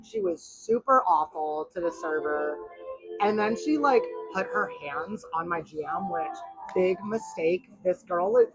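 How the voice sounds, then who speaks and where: A woman podcast host and bartender telling blunt, animated bar stories in casual chat. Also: lowish voice, a little slow, breathy edge, faint music behind, poor audio. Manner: blunt and animated storyteller, swears freely.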